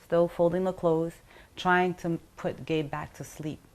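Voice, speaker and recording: A woman's voice: fairly low pitch, little pitch movement, measured pace, darkish tone. A middle-aged woman giving a personal account in an interview, rambling and full of fillers like "you know" and "like", acting out what people said. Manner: rambling, filler-heavy retelling with acted-out quotes. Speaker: interview guest.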